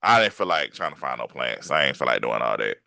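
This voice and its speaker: A man hosting a casual interview podcast, animated and laughing easily, often repeating his phrases. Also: extremely low pitch, fast, vocal fry, no room sound. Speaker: podcast host and writer.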